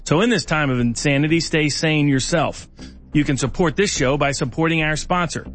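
A male show host giving steady, matter-of-fact commentary and a sponsor read. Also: fairly high pitch, moderate pace.

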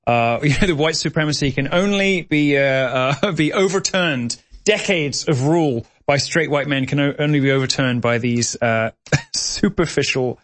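A man's voice: on the high side, normal speed, a bit bright. A man, chatting as a guest in a camp, theatrical way, laughing often. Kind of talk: casual chat.

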